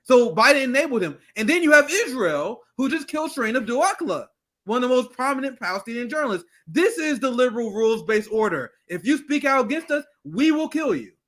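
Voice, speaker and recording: A man co-hosting a political commentary show, with a notably high voice. He talks bluntly and profanely, riffing on the news. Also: big pitch swings, a little fast, fairly bright tone. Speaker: co-host.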